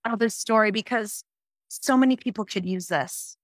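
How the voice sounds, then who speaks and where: A middle-aged woman guest telling a personal story on a podcast in an earnest, increasingly animated way. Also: fairly high pitch, moderate pace, dry recording, studio quality. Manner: earnest, growing excited and animated.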